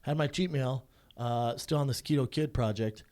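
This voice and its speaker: A man's voice: medium pitch, normal speed, darkish tone. A man co-hosting a podcast in casual chat, blunt and profane, with frequent fillers. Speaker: podcast co-host.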